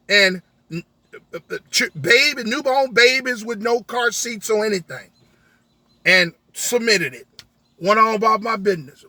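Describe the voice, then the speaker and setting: A man with a very high voice and a bright, forceful edge tells a rideshare story as a heated rant. His tone is husky and the sound is dry and close. He keeps restaging the argument with line after quoted line. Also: no room sound. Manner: emphatic, retells arguments with many "I said" quotes. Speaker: rideshare driver.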